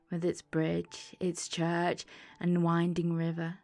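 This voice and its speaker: Woman reading a bedtime audiobook, slow and calm, lowish voice, soft music behind. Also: gravelly. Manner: calm, measured storybook reading. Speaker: audiobook narrator. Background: soft ambient music.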